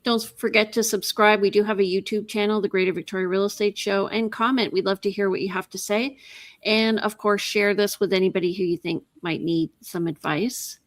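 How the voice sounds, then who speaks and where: Woman host, real estate show, upbeat casual chat, mid pitch, dry close sound. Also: fairly even intonation, a little fast, no room sound. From Canada. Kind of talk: casual radio-style chat.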